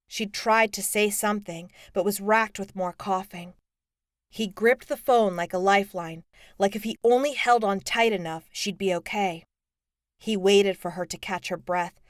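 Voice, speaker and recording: A woman narrates an audiobook steadily and at a measured pace. Her voice is mid-range, and the recording is clean studio sound with no room ambience.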